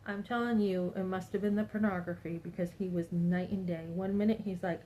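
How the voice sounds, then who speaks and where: A woman's voice: fairly low pitch, steady tone, brisk, lo-fi sound, a little hiss or hum. Emphatic, rambling woman in her fifties. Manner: emphatic, rambling, acts out other people's words. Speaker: vlogger. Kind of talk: personal monologue to camera.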